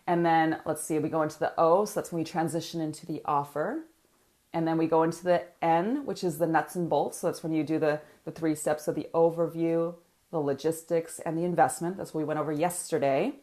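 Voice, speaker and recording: Animated woman coach, laughing often. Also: low voice, brisk. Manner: animated, laughs often, frequent filler words. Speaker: business coach teaching a training. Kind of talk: live online coaching training.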